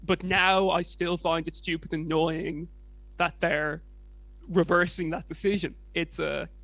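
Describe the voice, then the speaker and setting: Creaky English man, casual podcast chat. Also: fairly high pitch, level tone, a little slow, a bit bright, no room sound. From England. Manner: rambling, hesitant, swears casually. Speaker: podcast co-host.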